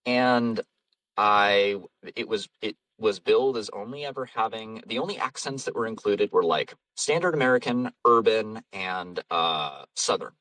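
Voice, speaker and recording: A man's voice: on the low side, a little slow, fairly bright tone, no echo, recorded from a distance, low-quality recording. A man, an audiobook narrator and voice actor, chatting casually in an interview, rambling and self-deprecating, laughing often. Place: home vocal booth.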